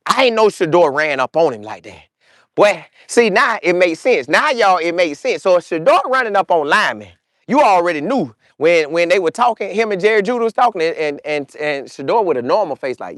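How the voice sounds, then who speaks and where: An excitable man hosts a loose sports talk show, his voice swinging high and low as he riffs in slang and acts out trash talk. He sits a little higher than most men in pitch. The sound is dry and close, with no room around it. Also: normal speed, dry recording. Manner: animated, slangy, mimics players in quoted voices. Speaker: show host. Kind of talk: casual commentary with live chat.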